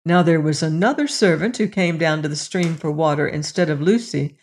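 A storyteller giving a measured, scripted reading of a fairy tale. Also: mid-range voice.

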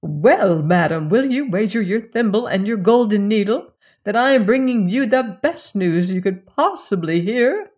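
A woman voicing a kind, cheerful old fairy in a storybook reading, speaking with bright, raised eagerness. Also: mid-range voice, very animated, measured pace.

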